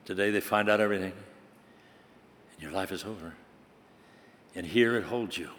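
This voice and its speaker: A man preaching a sermon, dramatic, swinging from loud bursts to hushed tones. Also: sits low, moderate pace, slight background noise. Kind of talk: sermon with recited poem. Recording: long hall reverb.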